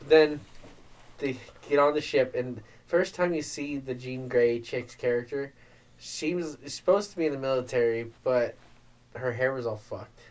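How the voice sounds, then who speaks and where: A man's voice: medium pitch, measured pace, low-quality recording. A man on a podcast, bluntly complaining about a bad movie with plenty of profanity. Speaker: podcast co-host. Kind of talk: casual movie review chat.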